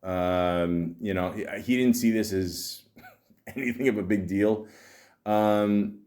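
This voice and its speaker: A podcast host with a low voice, talking casually and loosely about films. He rambles, restarts his sentences and fills the gaps with "uh" and "you know." His tone is relaxed and sprinkled with swearing. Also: a little slow. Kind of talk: casual film-talk podcast chat.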